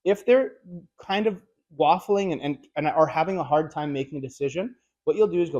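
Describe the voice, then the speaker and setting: A man with a fairly high speaking voice walks viewers through sales closing techniques. He talks in a direct, energetic coaching style, mixing in casual slang. It sounds like an instructional video. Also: a little fast. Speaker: car sales trainer.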